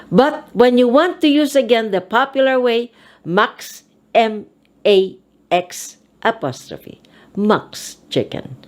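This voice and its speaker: A woman teaching grammar in a slow, measured way, with a voice that rises and falls widely as she stresses each example. She spells words out letter by letter and repeats them with care. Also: fairly high pitch, darkish tone. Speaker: English speech teacher. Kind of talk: classroom grammar lesson.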